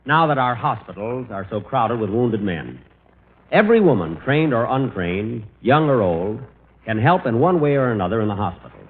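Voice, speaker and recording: Male comedy host; flustered, lively delivery; 1940s tinny radio sound. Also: medium pitch, moderate pace. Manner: indignant, flustered, then earnest appeal. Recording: old tinny radio broadcast.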